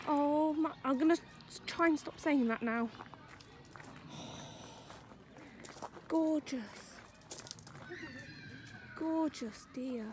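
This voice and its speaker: A woman's voice: sits high, extremely slow, pauses often, a little mellow, slight background noise. A woman vlogging outdoors at a wildlife park, gushing and cooing at the animals in baby talk. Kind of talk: casual vlog commentary.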